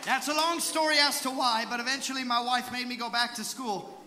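A young male evangelist preaching a storytelling sermon, moving from hushed asides to shouted exhortation. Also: very high voice, fairly quick, background noise. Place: large church sanctuary. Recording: echoey hall with crowd.

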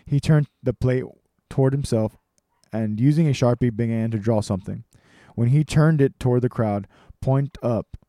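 A man reading a personal story aloud, measured and with dramatic pauses. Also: medium pitch, dark tone, no room sound, clean studio sound.

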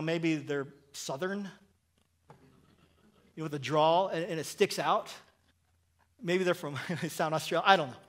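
A man preaching a sermon in church, conversational and joking, often restarting and asking "right?". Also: sits high. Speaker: pastor.

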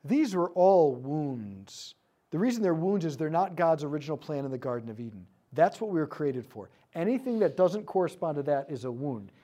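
A man leading a teaching talk, telling a story about inner-healing prayer. His voice sits a little high but sounds dark and mellow. He lets it fall soft and hushed whenever he quotes a prayer. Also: big pitch swings, moderate pace. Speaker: speaker leading a prayer ministry session.

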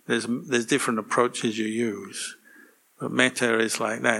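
A man, a monk, giving a relaxed, gently humorous dharma talk to a meditation group. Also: medium pitch, creaky, breathy edge.

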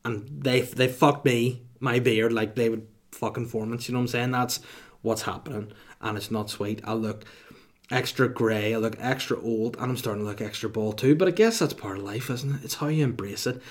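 A man's voice: mid-range voice, moderate pace. Crude, self-mocking man. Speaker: podcast host. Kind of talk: casual solo podcast monologue.

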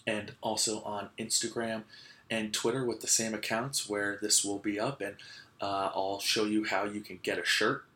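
A man's voice: lowish voice, level tone, moderate pace, pushed and bright. A young man hosting a casual podcast, telling a story in a rambling way with lots of "like" and restarts. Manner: laughs while telling stories. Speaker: podcast host.

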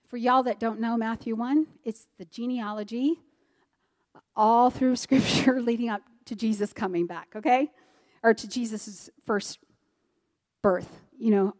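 A woman with a high voice tells a church testimony. She is middle-aged and animated, acting out the voices of the people in her story. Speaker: speaker sharing a mission testimony.

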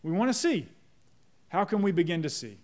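A man preaching a sermon as pastor, slowing down to lead a prayer. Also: high-pitched, very animated. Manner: measured, slows down on prayer phrases; leads the congregation in repeating a prayer.

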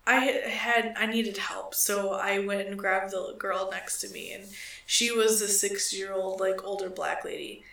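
A woman's voice: mid-range voice, level tone, unhurried, gravelly, sharp tone. A young woman co-hosting a podcast, rambling through a profane story with lots of "like". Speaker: podcast co-host. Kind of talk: casual storytelling. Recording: echoey room, far from the mic.

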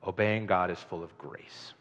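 A male pastor preaching a sermon in a conversational, animated way, with chatty asides to the congregation. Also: low-pitched, moderate pace. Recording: dull sound in a long-reverb hall.

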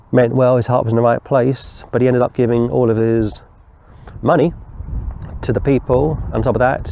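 A man preaching a verse-by-verse sermon, explaining scripture deliberately and wandering into stories. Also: mid-range voice, gravelly, dark tone, muffled recording. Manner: deliberate, explanatory, digresses into storytelling. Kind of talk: verse-by-verse Bible teaching.

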